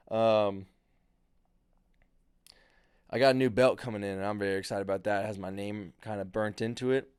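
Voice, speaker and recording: A man's voice: fairly low pitch, a little mellow, clean tone, no room sound, clean studio sound. A young man hosting a casual solo podcast, ranting sarcastically and swearing freely. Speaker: podcast host.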